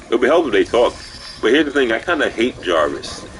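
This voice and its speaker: A man's voice: medium pitch, very animated, fast, a little hiss or hum. A man streaming a video game live, giving profane, rambling commentary as he plays.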